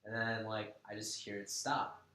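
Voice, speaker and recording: A man's voice: fairly low pitch, moderate pace, slight background noise. Young man telling a wild story. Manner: animated, swearing, slangy. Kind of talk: casual chat. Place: apartment room. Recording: echoey room.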